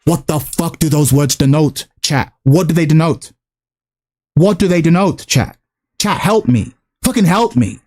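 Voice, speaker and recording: A man's voice: on the high side, animated, measured pace, darkish tone. A man streaming, ranting to his chat with exasperated, repetitive, swearing commentary.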